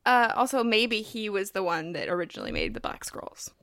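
A woman's voice: medium pitch, huge pitch swings, a little fast, a bit bright, dry recording, clean studio sound. A woman co-hosting a podcast in casual chat, joking, laughing often and swearing freely. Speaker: podcast co-host.

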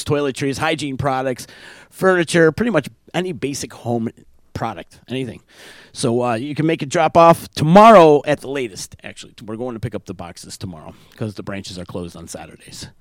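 A man hosting a live radio podcast, reading sponsor spots and chatting in a loud, jokey, hyped way. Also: mid-range voice, expressive, a little fast, dry recording. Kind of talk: casual live show chat with sponsor reads.

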